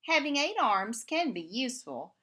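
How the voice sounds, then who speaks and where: A woman's voice: a little high, big pitch swings, moderate pace, fairly bright tone, voice pushed up. A woman voicing a motherly octopus in a children's picture book, playful and doting. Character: fond, motherly eight-armed octopus.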